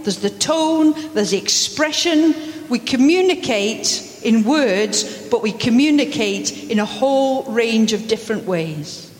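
Woman minister, high voice, lively and playful, roomy church echo. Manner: lively, playful, acts out examples. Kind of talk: sermon with audience participation. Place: church hall. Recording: echoey church hall.

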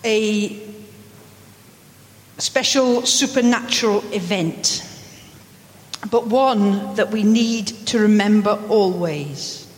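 A woman minister giving a lively, playful sermon, acting out examples for her congregation. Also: mid-range voice, slow pace, long pauses. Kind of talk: sermon with audience participation. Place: church hall. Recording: echoey church hall.

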